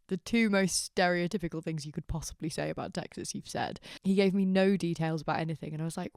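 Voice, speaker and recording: A woman's voice: on the low side, fast, a little mellow, dry recording, clean studio sound. A young woman hosting a podcast, telling a story in a candid, rambling, self-deprecating way. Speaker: podcast host. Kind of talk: casual storytelling chat.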